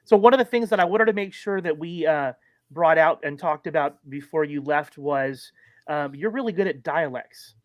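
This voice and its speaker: A man's voice: fairly high pitch, normal speed, no room sound. A man from California, co-hosting a podcast and asking a guest friendly questions. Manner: friendly, asks leading questions. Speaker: podcast co-host. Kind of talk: casual podcast interview.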